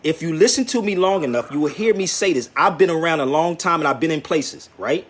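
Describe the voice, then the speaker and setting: Brief: man, high and very lively voice, insistent street debater, faint noise behind. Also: brisk, breathy edge. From Philadelphia, USA. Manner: animated, insistent, repeats "listen" and "bro". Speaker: traveling commentator and radio host.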